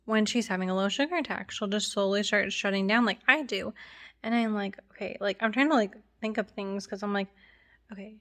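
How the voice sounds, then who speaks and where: A woman's voice: medium pitch, a bit bright. A young woman talking casually to camera in a rambling way, full of fillers and restarts, with a slightly stuffy, runny nose. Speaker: vlogger.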